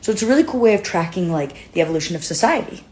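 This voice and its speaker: A woman's voice: lowish voice, big pitch swings, racing, darkish tone, breathy edge. A woman hosting her own show, rambling casually and eagerly, with lots of "like" fillers. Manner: rambling, full of "like" fillers, enthusiastic. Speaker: host. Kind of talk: casual musing monologue.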